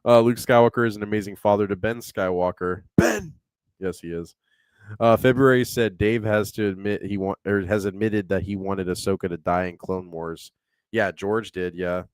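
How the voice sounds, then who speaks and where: A man's voice: fairly low pitch, fairly even intonation, moderate pace, clean tone, dry recording. A young man co-hosting a casual podcast, rambling, laughing often and reading viewer comments aloud. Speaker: podcast co-host reading chat.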